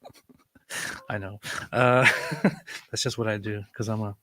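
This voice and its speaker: A man's voice: fairly low pitch, steady tone, normal speed, a little hiss or hum. A man hosting a casual live stream, reading out viewer comments with stammering, joking asides. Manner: stammering, jokey, reads comments aloud with dry asides. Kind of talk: casual chat. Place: live stream, sharing his screen.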